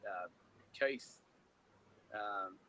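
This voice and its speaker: A man's voice: on the low side, extremely slow, sharp tone, a little hiss or hum, rough recording. A man in his fifties with an Australian accent, co-hosting a casual chat and speaking bluntly. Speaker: podcast co-host.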